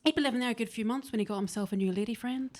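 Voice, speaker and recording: Woman, stand-up, deadpan one-liners, handheld mic, basement comedy club. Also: fairly high pitch, racing.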